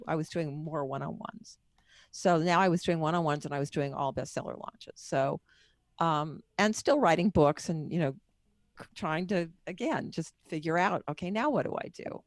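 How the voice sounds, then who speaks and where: A woman's voice: lowish voice, no echo, studio quality. A middle-aged woman being interviewed as a guest author and coach, telling her story in a candid, personal, wandering way.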